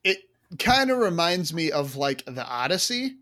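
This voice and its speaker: A man co-hosting a casual podcast chat, animated and full of fillers and asides. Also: a little high, a little slow. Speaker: podcast co-host.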